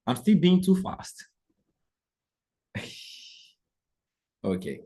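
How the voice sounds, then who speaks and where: Animated man teaching a live trading lesson. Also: fairly low pitch, very slow, pauses often. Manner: animated, repeatedly checks in with the audience.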